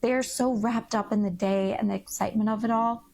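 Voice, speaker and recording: A woman's voice: on the high side, steady tone, brisk, vocal fry, a little mellow. A young woman telling a candid vlog story in a frank, rambling, exasperated way. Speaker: vlogger.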